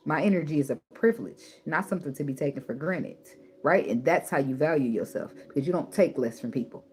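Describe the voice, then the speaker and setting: A woman giving tarot advice in a blunt, preachy way, swearing freely and repeating words for emphasis. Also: deep voice. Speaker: tarot reader. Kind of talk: casual spiritual advice monologue.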